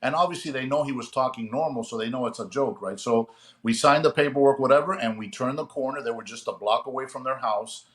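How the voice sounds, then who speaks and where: This is a middle-aged man, a retired police sergeant, spinning a story on a casual podcast. His pitch sits in the ordinary middle for a man. He talks in a lively, conversational way and keeps checking in with his listeners. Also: quick pace.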